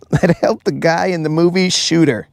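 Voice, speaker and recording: A man's voice: on the high side, vocal fry, no echo. A man hosting a live fishing stream from a boat outdoors, chatting casually and bantering jokingly with his viewers.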